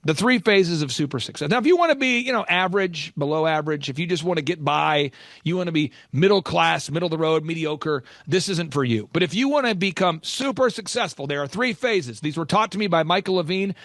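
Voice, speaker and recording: A man's voice: a little high, animated, brisk, a bit bright, no echo, clean studio sound. A middle-aged man hosting a business podcast, coaching in an emphatic storytelling way and repeating his key phrases, recorded in his office. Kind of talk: energetic coaching monologue. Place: office with installations going on.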